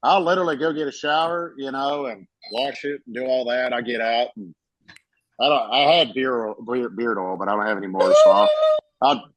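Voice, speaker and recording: A man in casual chat as a podcast co-host, telling animated stories and acting out quotes with frequent swearing. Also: mid-range voice, a little fast, rough recording. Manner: animated storyteller, swears freely, acts out quotes.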